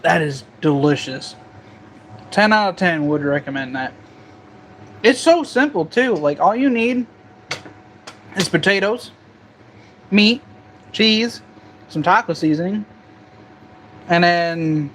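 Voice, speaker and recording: Young dude on his vlog, chill and jokey, bit high voice, eating while he talks, faint hum behind. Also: animated, takes it slowly, pauses often, a bit bright. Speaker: gun channel host. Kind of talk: casual cooking vlog chat.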